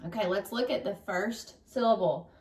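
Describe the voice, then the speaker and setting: In this recorded phonics lesson for young kids, a woman speaks at a normal pace in a mid-range voice, drawing out syllables in a cheerful, encouraging way. The recording picks up an echoey room from a distant microphone.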